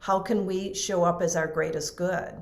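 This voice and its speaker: Middle-aged female guest, low register, heartfelt and rambling. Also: fairly even intonation, normal speed. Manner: earnest, emotional, restarts often. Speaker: podcast guest. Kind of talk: conversational storytelling.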